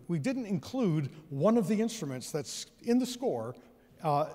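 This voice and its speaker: A man's voice: high-pitched, darkish tone. A man presenting an educational concert, leading the audience in counting and singing rhythms with the orchestra in a large theater. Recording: long reverb of a large theater hall.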